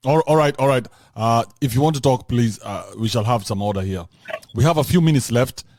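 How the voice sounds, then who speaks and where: A man hosting and moderating a live audio debate, speaking haltingly and calling the room to order. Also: medium pitch, darkish tone. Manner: halting, stammering, calls for order.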